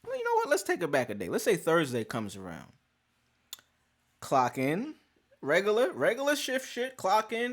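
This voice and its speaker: A man's voice: high voice, huge pitch swings, moderate pace, a bit bright. A man hosting a podcast, telling a story in casual, profane slang and acting out the scenes. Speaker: podcast host.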